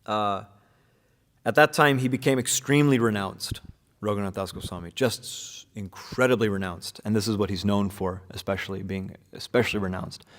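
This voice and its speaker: Casting note: man, lowish voice, relaxed class teacher, loose and chatty with ums and restarts, long reverb. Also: normal speed. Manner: casual, many fillers and restarts. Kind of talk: informal scripture class. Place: room with devotees present.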